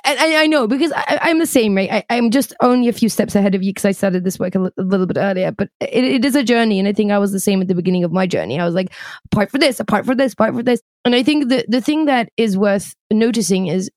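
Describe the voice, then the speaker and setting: A woman's voice: mid-range voice, fast, a little mellow, no room sound. Thoughtful woman co-host, dry sound. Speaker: podcast co-host. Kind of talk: reflective conversation.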